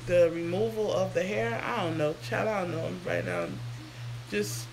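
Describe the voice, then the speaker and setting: A woman's voice: fairly low pitch, normal speed, vocal fry, darkish tone, slight background noise. A woman, hosting a casual hair livestream while sick and answering viewer comments. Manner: chatty, sidetracked, answers comments aloud. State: sick, sounds under the weather.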